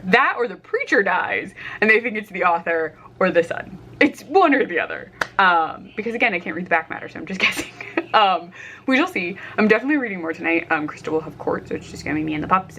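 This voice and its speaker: Chatty young woman with low voice. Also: sharp tone, slight background noise. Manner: chatty, filler-heavy, laughing often. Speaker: book vlogger. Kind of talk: casual reading vlog chat. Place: home, cooking lunch.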